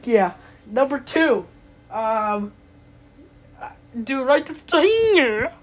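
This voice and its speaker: A woman's voice: sits high, big pitch swings, takes it slowly. A woman hosting a puppet comedy skit, bossy and giggly as she orders the other characters around. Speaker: puppeteer host.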